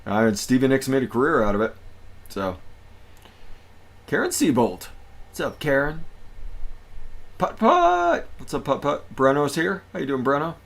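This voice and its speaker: A man's voice: mid-range voice, sing-song, measured pace, vocal fry, pauses often. A man hosting a casual livestream, upbeat and greeting his viewers one by one. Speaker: livestream host.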